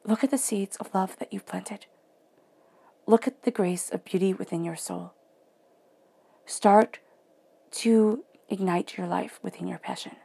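Gravelly-voiced woman giving an emotional tarot reading. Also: on the low side. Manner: soft, emotional, drops into near-whispers. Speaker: tarot reader. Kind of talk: guided spiritual reading.

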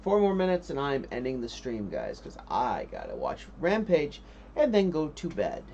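A man's voice: medium pitch, wildly swooping pitch, moderate pace, darkish tone, dull audio, slight background noise. A man chatting casually on a livestream, rambling and joking and trying out silly impressions. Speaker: streamer.

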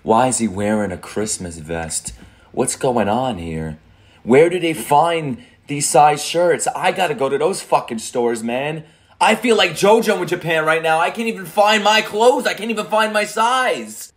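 A young man giving casual, profane reaction commentary on anime, joking loudly and laughing a lot, with the show's music playing behind him. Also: a little high, expressive, measured pace. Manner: loud joking outbursts, frequent laughs and cursing.

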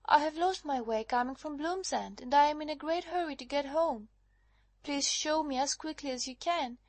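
A man's voice: extremely high pitch, dry recording, voice pushed up. A man voicing an anxious young woman who is lost at night and begging for help, in an audiobook reading. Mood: urgent. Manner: pleading, hurried. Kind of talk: audiobook character voice.

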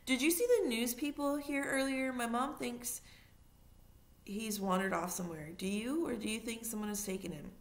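A woman's voice: fairly high pitch, moderate pace, voice pushed up, lightly acted. A woman doing a chirpy, nosy little girl. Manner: bubbly, prying, oblivious.

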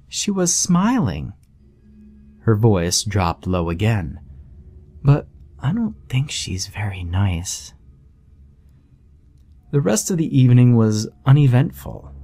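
A man narrating a scripted horror story in a measured, somber way. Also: lowish voice, warm tone.

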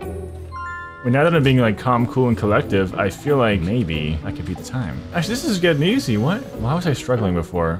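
A man giving casual, excitable gameplay commentary, swearing a lot and breaking into loud frustrated outbursts. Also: fairly low pitch. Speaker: gaming video creator.

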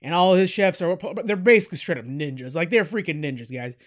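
A man's voice: a little high, expressive, fast talker. A man hosting a podcast, giving a casual, rambling film review full of fillers and asides to his listeners. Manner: rambling, chatty, many fillers, addresses listeners as guys.

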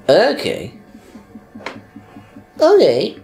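Casual young male let's-player, lively intonation, relaxed, swears a lot while reading menus aloud. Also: medium pitch, moderate pace. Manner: laid-back, swears often, mumbles while reading menus. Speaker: gameplay commentator. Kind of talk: casual let's play banter.

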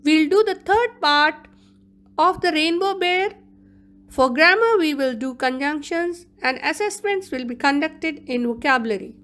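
A woman's voice: high-pitched, fairly bright tone. A woman teacher giving an online lesson, carefully explaining vocabulary. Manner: slow, explaining word meanings carefully.

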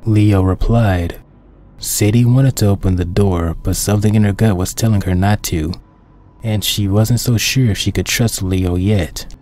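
Deep-voiced man narrating a dark story. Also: fairly even intonation, unhurried, a little hiss or hum. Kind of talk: reading his own dark fan story aloud.

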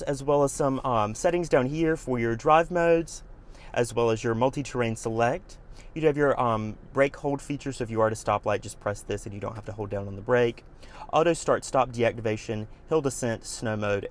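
Brisk male dealership car tour guide. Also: medium pitch, slight background noise. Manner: brisk, listing features in short bursts. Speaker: car salesperson giving a vehicle tour. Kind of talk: walkaround product tour.

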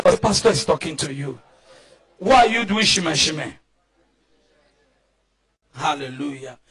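A Nigerian pastor preaching a fervent sermon, often shouting and calling on the congregation to answer back. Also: male voice, sits high.

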